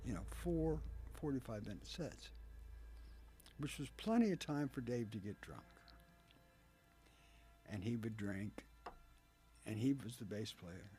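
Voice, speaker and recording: A middle-aged man telling profane, animated stories about his past as a band singer in an interview. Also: medium pitch, a little slow, pauses often. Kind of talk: casual storytelling interview.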